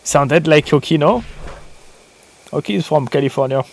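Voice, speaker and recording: A man's voice: a little high, moderate pace, gravelly, a little mellow, a little hiss or hum. Muttering gamer man. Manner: muttering to himself while searching. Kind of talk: casual gameplay commentary.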